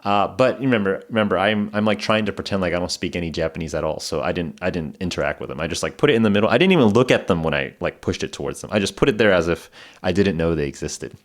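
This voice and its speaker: A man's voice: sits low, expressive, fast talker. A man hosting a podcast, telling a casual story in a rambling way, full of fillers and restarts, and laughing now and then. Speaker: podcast host.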